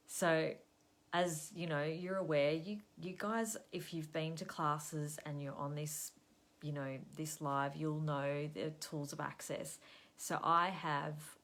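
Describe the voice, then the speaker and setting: Low-voiced Australian woman hosting a live stream. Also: fairly even intonation, slow pace, a bit bright. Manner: chatty, storytelling, greets viewers in passing. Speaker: host of a weekly live show. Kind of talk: live-stream talk to viewers.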